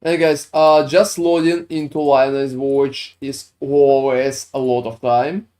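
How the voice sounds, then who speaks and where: A man's voice: medium pitch, level tone, slow pace, dark tone. A man with a French accent, streaming a game and chatting casually with his viewers, rambling with lots of fillers. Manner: chatty, answers chat with filler-heavy rambling. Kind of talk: casual live-stream chat while gaming.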